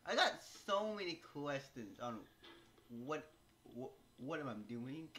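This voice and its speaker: Animated young man commenting on gameplay. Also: a little high, slow, slight background noise. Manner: animated, incredulous outbursts, talks to himself. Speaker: gaming video creator. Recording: loud game sound underneath.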